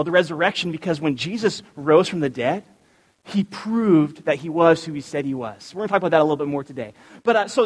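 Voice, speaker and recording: A man with a notably high voice delivers a relaxed, joke-filled sermon with lots of energy. He sounds like a youth pastor speaking to his congregation. His voice rings out with the long, lingering reverb of a church hall. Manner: energetic and animated, cracks jokes. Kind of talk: casual, joking sermon. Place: church sanctuary.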